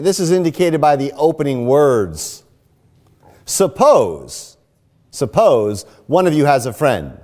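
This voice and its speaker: A man's voice: fairly high pitch, a little mellow. A man preaching a sermon, explaining a scripture passage step by step.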